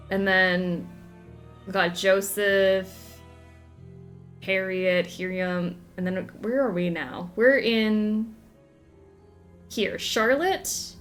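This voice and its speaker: A woman's voice: on the low side, a bit bright. A young woman chatting through a video game playthrough, giggly and second-guessing herself. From Southern United States. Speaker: game streamer. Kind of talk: casual let's-play commentary.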